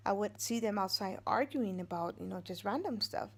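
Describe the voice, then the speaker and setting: A woman's voice: mid-range voice, moderate pace, slightly rough. A woman in her forties, a vlogger and mother of three, telling a story casually, rambling with many fillers and restarts and acting out what others said.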